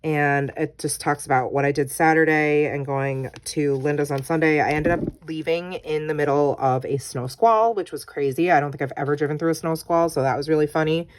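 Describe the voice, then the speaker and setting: A woman's voice: low-pitched, fairly even intonation, brisk, hardly any pauses. A woman vlogger casually walking through her scrapbook pages, chatty and full of ums, reading her own journaling aloud. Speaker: crafting vlogger.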